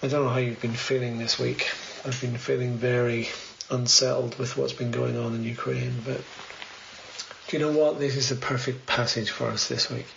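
A man's voice: medium pitch, flat delivery, normal speed, creaky, a bit bright. A man giving a conversational sermon, reading scripture and asking the listeners questions. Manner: conversational, earnest, poses many questions. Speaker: preacher. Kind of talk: sermon, Bible reading and reflection. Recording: slightly dull, faint background noise.

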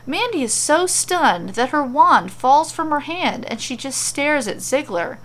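A woman reading a fantasy story aloud as a podcast storyteller, with steady descriptive narration. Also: high voice, unhurried.

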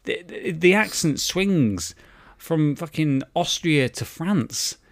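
A man co-hosting a podcast, talking in excited, incredulous rambles. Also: a little high, slow pace, creaky. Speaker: podcast co-host. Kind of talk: casual chat.

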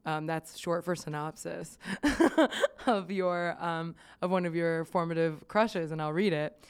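A woman's voice: fairly low pitch, a little slow, clear, resonant tone. A woman hosting her own podcast in casual chat, giggling often, rambling with fillers and swearing freely. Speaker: podcast host.

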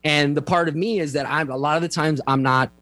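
A man's voice: fairly high pitch, fairly even intonation, a little fast, fairly bright tone, dry recording, soft background music. Emphatic, swearing man. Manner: emphatic, heavy swearing, acts out quotes. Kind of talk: casual profane chat.

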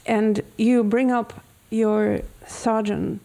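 Slow-talking woman with a gravelly voice. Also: on the high side, level tone, warm tone, rough recording. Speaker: guest host. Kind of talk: interview.

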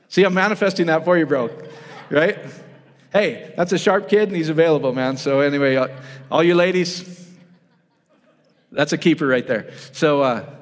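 A man preaching in a casual, conversational way, often asking his audience whether they follow him. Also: fairly high pitch. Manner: casual, asks the audience questions, addresses them as guys. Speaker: pastor. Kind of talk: conversational sermon. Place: church hall. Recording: reverberant hall.

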